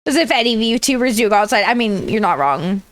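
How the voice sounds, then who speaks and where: An American woman streams from home in a high, animated voice that swoops up and down as she rambles. Her tone is bright, she laughs a lot, and the sound is close and dry. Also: brisk, no echo. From United States. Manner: rambling, chatty, laughs often, answers chat. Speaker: VTuber streamer. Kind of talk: casual livestream chat.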